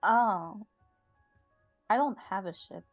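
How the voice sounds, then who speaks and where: A woman's voice: mid-range voice, takes it slowly, no echo, lo-fi sound, faint music behind. A woman player in a tabletop game, wry and hesitant. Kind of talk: tabletop game role-play.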